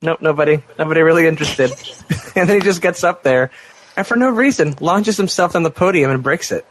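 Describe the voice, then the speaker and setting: A man's voice: a little high, lively intonation, fairly quick. A man co-hosting a casual podcast, telling long rambling stories with lots of "like" and restarts. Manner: rambling storyteller, many fillers and restarts. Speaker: podcast co-host. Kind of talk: casual chat.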